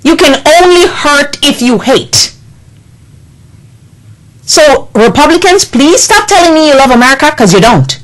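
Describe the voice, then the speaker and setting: A woman's voice: sits high, sing-song, unhurried, pauses often, low-quality recording. A woman delivering an impassioned political monologue, indignant and scolding, with emphatic repetition. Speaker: political commentator.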